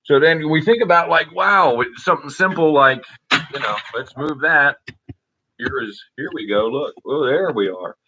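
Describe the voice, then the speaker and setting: A man rambling on a solo livestream from his home cabin, talking into a laptop, halting and restarting often. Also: fairly high pitch, sharp tone, muffled recording, slight background noise. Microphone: laptop microphone.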